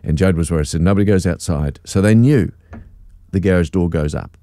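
A man's voice: deep voice, a little fast, dark tone, no echo. A middle-aged man, a radio host telling a family story in casual chat, acting out voices and laughing often.

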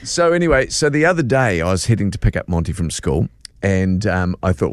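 Older NZ bloke, breakfast radio host, chatty storyteller, lively pitch, dry studio mic. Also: male voice, fairly quick, no echo, faint music behind. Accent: New Zealand. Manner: chatty storyteller, laughs easily. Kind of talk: casual radio banter. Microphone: studio microphone.

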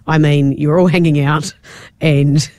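Animated New woman radio host. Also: sits low, unhurried, dry recording. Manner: storytelling, animated, acts out quotes. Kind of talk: casual radio chat. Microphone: studio mic.

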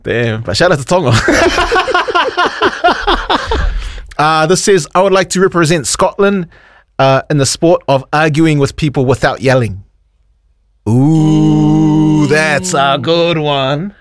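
A man's voice: on the high side, measured pace. A man hosting a radio show, reading out listener messages in casual, teasing banter and laughing often. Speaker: radio host.

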